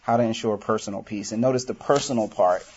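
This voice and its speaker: A man's voice: on the low side, fast talker, darkish tone, breathy edge. A man leading a workshop for a live group, talking casually with many "you know"s and acting out example lines. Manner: conversational, full of "you know", acts out quoted lines. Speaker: workshop leader. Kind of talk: casual teaching talk. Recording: dull lo-fi recording.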